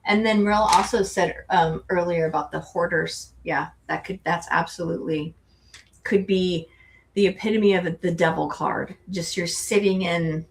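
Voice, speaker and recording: A woman's voice: lowish voice, steady tone, normal speed, creaky, slight background noise. A middle-aged woman co-hosting a tarot show, chatting casually and rambling with frequent restarts. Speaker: tarot co-host. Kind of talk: casual chat.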